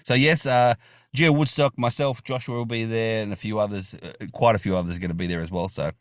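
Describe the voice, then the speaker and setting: A man's voice: on the low side, steady tone, a little fast, no echo, clean studio sound. A man with an Australian accent, a podcast guest chatting enthusiastically, rambling with restarts and fillers. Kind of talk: casual interview chat.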